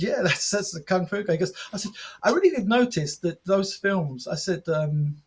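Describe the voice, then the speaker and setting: A man as a podcast guest, telling animated anecdotes, acting out quoted dialogue with frequent restarts. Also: sits high, moderate pace, slightly rough. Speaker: podcast guest, martial arts film promoter and author. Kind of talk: casual podcast storytelling.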